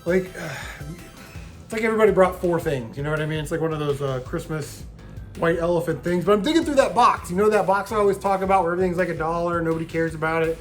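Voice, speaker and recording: A man's voice: a little high, quick pace, soft background music. A man casually telling stories from his video game hunting trip, swearing freely and mimicking the people he bargained with. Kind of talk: casual storytelling vlog.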